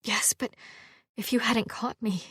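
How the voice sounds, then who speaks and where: A woman voicing an anxious former housekeeper who speaks in a breathy, hushed whisper. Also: a little high, steady tone, measured pace, dry recording, studio quality, pitched above the performer's own voice, full character voice.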